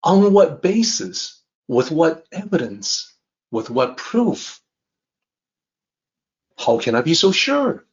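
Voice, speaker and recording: Slow, measured man explaining a text. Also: on the high side, sing-song, dull audio. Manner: measured, repeats and rephrases ideas. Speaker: teacher explaining a classic text. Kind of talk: calm explanatory lesson.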